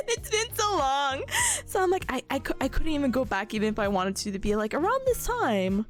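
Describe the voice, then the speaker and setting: A young woman streamer chatting casually with her viewers, laughing often. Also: sits high. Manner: giggly, animated, laughing often. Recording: faint music behind.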